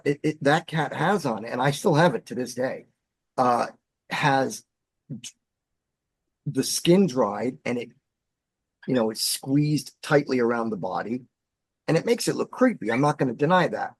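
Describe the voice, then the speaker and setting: A man telling a story as a podcast guest, animated and dramatic in his delivery. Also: medium pitch, breathy edge, no echo. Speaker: podcast guest, former bassist. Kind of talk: storytelling in casual chat.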